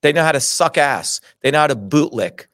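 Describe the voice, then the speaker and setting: A man's voice: on the high side, expressive, a little fast, a bit bright, no room sound, clean studio sound. Indignant, profane man telling his story. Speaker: interview guest. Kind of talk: heated personal storytelling.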